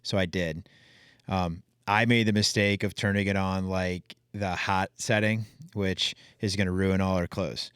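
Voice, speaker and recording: Podcast host, man, 30s; smooth, somewhat low voice, relaxed and anecdotal, dry sound. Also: a little slow, no echo. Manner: relaxed, anecdotal, laughs while telling stories. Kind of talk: casual conversational chat.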